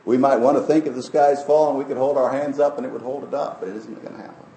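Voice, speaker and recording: Man preaching in a mellow echoing voice. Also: steady tone, quick pace, a little hiss or hum. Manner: emphatic preaching, dropping to soft low phrases. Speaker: pastor. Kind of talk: sermon. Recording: echoey room.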